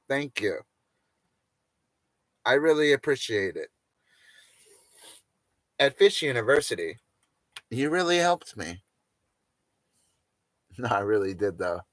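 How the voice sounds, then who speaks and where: A man's voice: mid-range voice, fairly bright tone, no echo, studio quality. A man hosting a livestream, rambling and joking crudely and often laughing at his own lines. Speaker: livestream host. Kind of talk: casual livestream rant.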